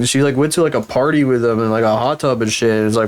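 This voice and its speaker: A man's voice: medium pitch, fast. Profane rambling male streamer, flu-sick. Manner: profane, rambling, incredulous rants. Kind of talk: casual livestream chat.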